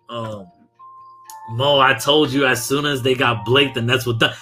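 A man's voice: mid-range voice, fairly even intonation, unhurried, bright, forceful tone, faint music behind. A man from Brooklyn, hosting a casual podcast and ranting about sports in heated, profane talk. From Brooklyn, New York. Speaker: podcast host.

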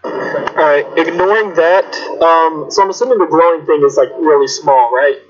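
A man's voice: on the high side, normal speed, muffled recording. Blunt casual man player.

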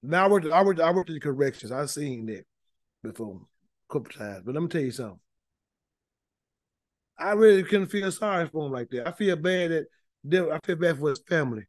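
High-voiced man teaching scripture folksily. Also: animated, a little fast, long pauses, dry recording. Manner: folksy, emphatic preaching with many repeated words. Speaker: Bible teacher. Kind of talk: informal Bible study teaching.

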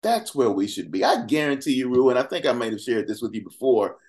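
A man's voice: mid-range voice, expressive, a little mellow. A man with an ordinary mid-range voice argues his view as a podcast guest. He talks casually, slips in fillers and asides, then presses hard with rhetorical questions. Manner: emphatic, fires off rhetorical questions; conversational, many fillers and quick asides. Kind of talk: impassioned conversational commentary.

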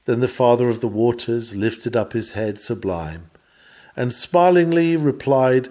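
A man's voice: medium pitch, unhurried, a little mellow. A man reading an old-fashioned sermon text aloud, earnest and emphatic, his voice rising on rhetorical questions.

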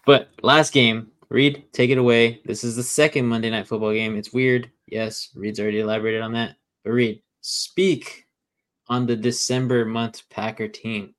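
A man's voice: mid-range voice, level tone, normal speed, fairly bright tone. A man hosting a casual football betting show, joking around and passing the floor to the others. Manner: laid-back, joking, hosting. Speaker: host. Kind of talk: casual sports betting chat.

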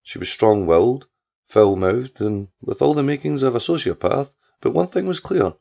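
Guy reading a story aloud, gravelly, muffled lo-fi sound. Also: mid-range voice, expressive, moderate pace, mellow. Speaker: narrator. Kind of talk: storybook narration. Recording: dull lo-fi audio.

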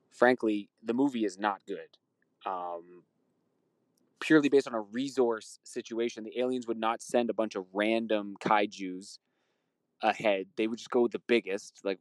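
A man leaving a rambling, indignant voicemail, halting and restarting as he complains. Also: on the low side, a little mellow, dry recording. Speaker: voicemail caller. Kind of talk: ranting voicemail.

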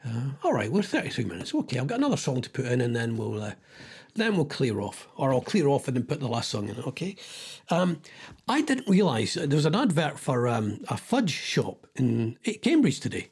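A man's voice: mid-range voice, wildly swooping pitch, brisk, a little mellow, husky. A middle-aged Scottish man hosting a radio show, chatting casually and rambling as he thinks aloud. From Scotland. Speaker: radio host. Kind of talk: casual chat.

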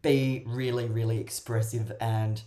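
A woman guest coach giving relationship advice in a casual podcast chat. Her voice sits low for a woman and sounds dark and mellow. She talks expressively and slips into playful acted-out voices. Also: measured pace. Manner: expressive, acts out little voices while explaining. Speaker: love coach and matchmaker guest.

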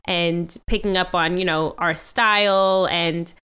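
A woman's voice: lowish voice, fairly even intonation, slow, pushed and bright, smooth. A woman co-hosting a podcast in casual chat, laughing often and talking with lots of fillers. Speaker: podcast co-host.

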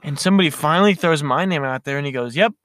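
A man's voice: fairly high pitch, fast talker, no room sound. Young man telling a story, dry mic. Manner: animated, laughing storyteller. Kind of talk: casual storytelling.

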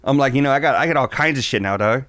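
A man's voice: medium pitch, very fast, fairly bright tone, no room sound. A man co-hosting a podcast in casual chat, loose and profane, rambling with lots of fillers. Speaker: podcast co-host.

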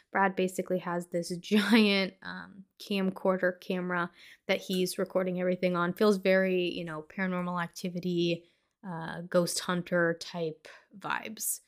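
A young woman hosting a podcast, casually recapping a horror movie scene by scene with lots of fillers. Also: on the low side. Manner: chatty, with frequent fillers. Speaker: podcast host.

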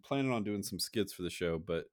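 A man's voice: low voice, expressive, brisk, dry recording, clean studio sound. A young man co-hosting a podcast, telling rambling funny stories and laughing often. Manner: rambling storyteller, mocks ad voices, laughs often. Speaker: podcast co-host. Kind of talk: casual comedic chat.

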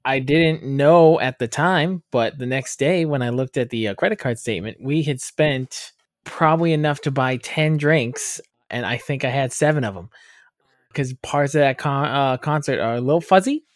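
A man co-hosting a podcast at a middle pitch, recorded dry and close. He jokes easily and often pokes fun at himself. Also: moderate pace, no room sound. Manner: joking, self-deprecating. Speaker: podcast co-host. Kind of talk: casual chat.

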